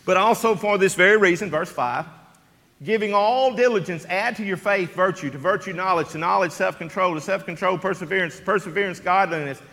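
High-voiced preacher in a reverberant church. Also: male voice, fairly quick. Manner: emphatic, rhetorical questions to the congregation, swings from loud to hushed. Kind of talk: sermon. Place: church sanctuary.

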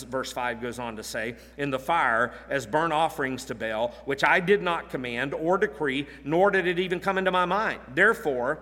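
A man's voice: on the high side, moderate pace, hardly any pauses, pushed and bright, in a large hall. A man preaching an expository sermon, earnest and emphatic, often repeating key phrases. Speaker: pastor.

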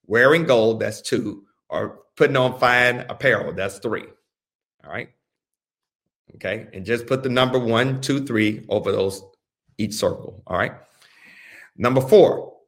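A man teaching a Bible study as a pastor, speaking deliberately, repeating phrases and telling listeners what to underline and circle. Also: mid-range voice, fairly bright tone. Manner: slow, deliberate, repeats phrases and gives instructions.

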